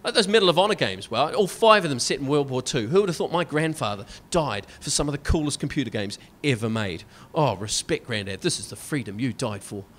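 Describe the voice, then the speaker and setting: A Scottish man performing stand-up comedy, sarcastic and animated, often tagging his lines with "right?". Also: medium pitch, a little fast, few pauses. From Scotland.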